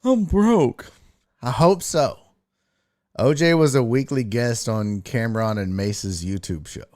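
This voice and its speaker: A man's voice: mid-range voice, expressive, slow, a little mellow. A man hosting a casual sports talk stream, reading chat aloud and giving blunt, profane, mocking takes. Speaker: streaming sports show host.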